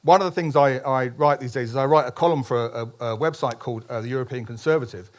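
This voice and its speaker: A man's voice: mid-range voice, quick pace. A man, a columnist, giving a public speech at a political meeting, emphatic, with frequent restarts and ironic asides.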